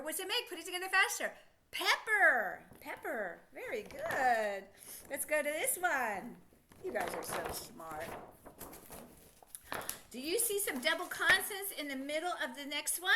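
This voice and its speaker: A woman teaching a children's phonics lesson, encouraging and enthusiastic, sounding out word parts slowly. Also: high-pitched, sharp tone.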